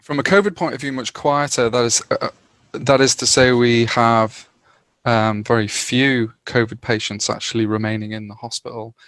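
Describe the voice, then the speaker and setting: A middle-aged male physician answers questions on a podcast, thinking aloud with small hesitations. His mid-pitched voice is recorded dry and close, with no room sound. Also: fairly even intonation, a bit bright, no room sound. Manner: hesitant, measured, with fillers. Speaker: hospital doctor, guest. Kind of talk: casual podcast conversation.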